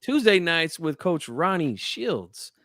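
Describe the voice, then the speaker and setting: Friendly higher-voiced man hosting a call-in. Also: slow pace, no room sound, studio quality. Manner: relaxed, friendly, says "man" often. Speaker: host of a boxing call-in show. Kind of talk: casual live-stream chat.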